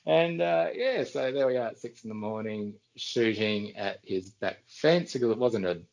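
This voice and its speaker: Gravelly Australian man telling stories. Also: mid-range voice, normal speed, darkish tone, low-quality recording. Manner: rambling anecdotes with frequent restarts. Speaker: podcast guest. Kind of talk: casual storytelling.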